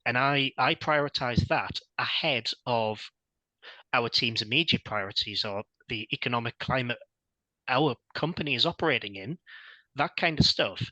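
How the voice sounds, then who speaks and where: A man on a podcast panel, speaking in a measured, reflective way and thinking aloud. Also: medium pitch, pushed and bright, no echo, lo-fi sound. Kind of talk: casual panel discussion.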